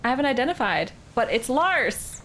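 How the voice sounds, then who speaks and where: A woman's voice: on the high side, sing-song, normal speed, a bit bright, a little hiss or hum. A woman from Canada, a live streamer, thinking aloud and chatting as she plays a mystery game.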